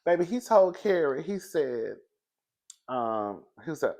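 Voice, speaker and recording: A man's voice: on the high side, sing-song, slow pace, pauses often, a little mellow. A young man recapping a TV episode in a sassy, gossipy way, laughing often and calling his listeners girl and baby. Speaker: TV show reviewer. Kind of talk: animated casual recap.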